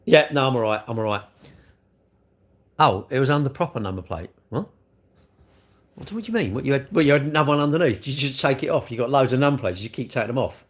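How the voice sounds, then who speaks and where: A man's voice: mid-range voice, animated, fast, pauses often. A man hosting a live stream, chatting casually and answering comments in a rambling, jokey, self-deprecating way. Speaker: livestream host.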